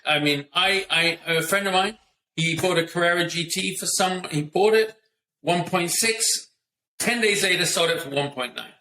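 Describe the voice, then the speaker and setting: A British man telling lively stories with laughs in a casual podcast chat. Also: sits high, moderate pace. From Britain. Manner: lively anecdotal storytelling with laughs. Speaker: guest, racing driver and TV host. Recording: echoey room with faint noise.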